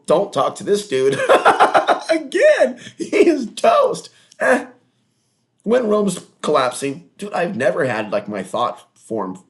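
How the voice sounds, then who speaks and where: A man hosting his own online talk show in a rambling, crude, digressive monologue with mocking asides. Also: mid-range voice.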